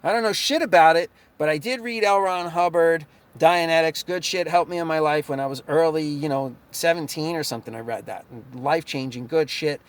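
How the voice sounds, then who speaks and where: A man's voice: on the high side, fairly quick, few pauses. Sarcastic, swearing young man ranting. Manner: profane, sarcastic, laughs between lines. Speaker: chiropractor. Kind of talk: ranting vlog monologue.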